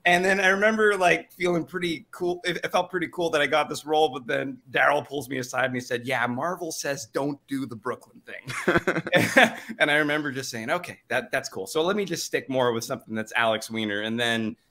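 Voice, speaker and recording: Man, voice actor guest; bright, forceful tone, reflective answers, easy laugh, video call. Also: on the high side, fast, gravelly, few pauses. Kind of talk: casual interview answer.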